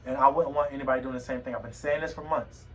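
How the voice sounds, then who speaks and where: A young man talking to a phone camera at home in a personal vlog, emotional and halting, often repeating his words. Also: medium pitch, fairly even intonation, recorded from a distance, low-quality recording. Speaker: vlogger. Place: home room.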